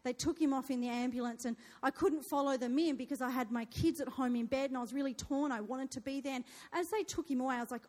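A woman shares a dramatic personal testimony with an audience, acting out her own panicked cries. Her high, slightly mellow voice moves fast with few pauses, and the recording has long hall reverb.

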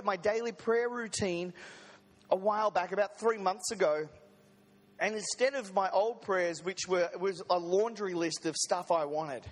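High-voiced man preaching in a reverberant hall. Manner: conversational, with joking asides to the congregation. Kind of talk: sermon. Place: church service.

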